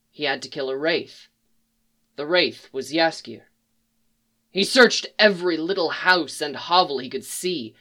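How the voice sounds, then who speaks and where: A reader narrating a dark fan fiction story in a measured, solemn way. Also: mid-range voice.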